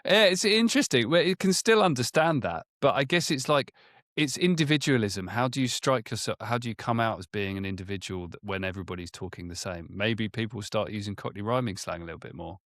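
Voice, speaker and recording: A man co-hosting a podcast in casual chat, relaxed and wry. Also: lowish voice, fairly quick, no room sound, clean studio sound. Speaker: podcast co-host.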